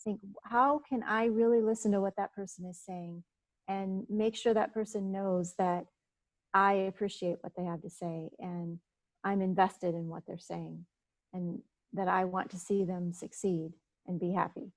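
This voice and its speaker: A woman gives an informal presentation at a business networking meeting, speaking conversationally with lots of fillers and restarts. Her mid-range voice stays steady and unhurried; the recording is low quality but has no room sound.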